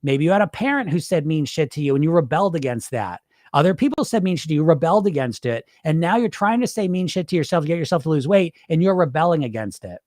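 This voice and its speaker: A man's voice: on the high side, expressive, fast talker, a little mellow, no room sound, studio quality. A man coaching on weight loss in a livestream, answering chat in a blunt, profane, fired-up way.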